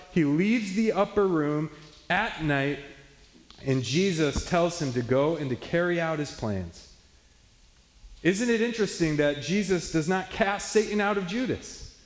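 Earnest male pastor preaching in an echoey hall. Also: fairly high pitch. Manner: earnest, explanatory preaching with emphatic stresses. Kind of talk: expository sermon. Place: church sanctuary. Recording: echoey hall with long reverb.

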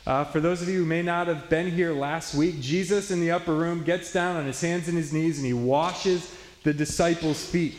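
A man's voice: fairly high pitch, steady tone, normal speed, slight background noise. A man preaching an expository sermon as pastor, explaining the text in an earnest way and leaning hard on key words, recorded in a church sanctuary. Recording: echoey hall with long reverb.

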